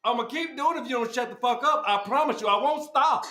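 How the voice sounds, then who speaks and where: High-pitched man mocking on an echoey call. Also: fast, heavy background noise. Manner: loud, mocking, repeats insults over and over. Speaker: podcast host. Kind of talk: heated argument on a group call. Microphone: group call.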